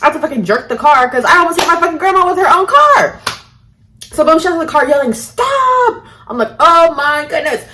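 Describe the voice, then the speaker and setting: A woman's voice: high voice, fast. A woman vlogger telling a story casually, swearing freely and acting out each quote. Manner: animated, profane, acts out every quote. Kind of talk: storytime vlog.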